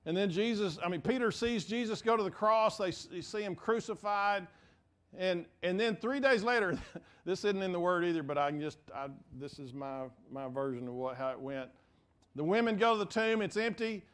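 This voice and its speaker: Animated higher-voiced male preacher. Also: moderate pace, clean tone. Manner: animated storytelling, repeats words and restarts. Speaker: pastor. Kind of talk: sermon. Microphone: mic for preaching.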